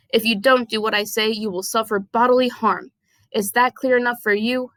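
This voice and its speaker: A woman's voice: a little high, steady tone, normal speed, fairly bright tone, no room sound, natural voice. Woman reading as a snarly sneering villain guy from a storybook, dry sound. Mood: menacing. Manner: snarling, mocking. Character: sneering scheming adult male villain.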